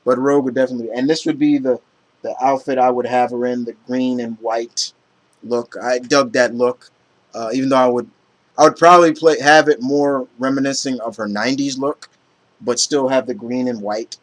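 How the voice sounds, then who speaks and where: A man chatting casually to camera in an excited, rambling way, with many fillers and restarts. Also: medium pitch, normal speed. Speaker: vlogger. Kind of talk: casual chat.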